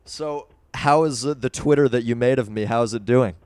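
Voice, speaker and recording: A man's voice: mid-range voice, fairly quick, a little mellow, clear, resonant tone. A man hosting a live call-in stream, teasing a caller with dry sarcasm. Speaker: livestream host taking calls.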